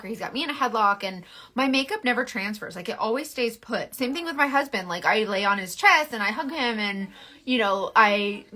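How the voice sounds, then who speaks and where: A woman's voice: a little high, pushed and bright. A woman, hosting a casual makeup chat in a rambling way full of fillers. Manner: rambling, filler-heavy, restarts often. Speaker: beauty livestream host.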